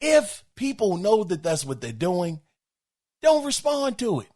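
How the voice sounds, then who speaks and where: A middle-aged man hosting a podcast, reacting to listener emails in an emphatic, exclaiming, animated way. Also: high-pitched, unhurried. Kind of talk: casual podcast commentary.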